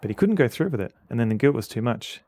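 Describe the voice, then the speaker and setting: A man with an Australian accent streaming a game, chatting casually in a halting, rambling way with many fillers. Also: medium pitch, sing-song, a little mellow. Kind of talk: casual commentary while playing a game.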